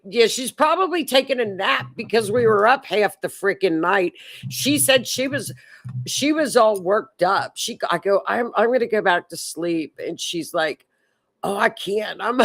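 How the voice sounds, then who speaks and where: A woman hosting a live stream, chatting in a rambling way and reading viewer comments aloud. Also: medium pitch. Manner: chatty, rambling, repeats words. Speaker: livestream host.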